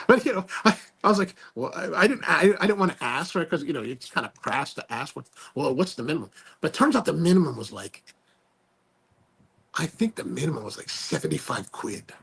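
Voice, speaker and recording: A male podcast host telling a story in a casual, animated way, full of slang and restarts. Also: fairly high pitch, a little fast, gravelly, slightly rough.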